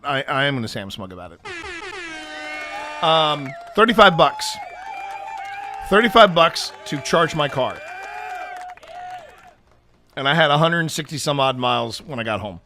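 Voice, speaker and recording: A man's voice: fairly high pitch, bright, forceful tone. A man hosting a casual chat, rambling and joking at himself with many restarts. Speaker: paranormal investigation host.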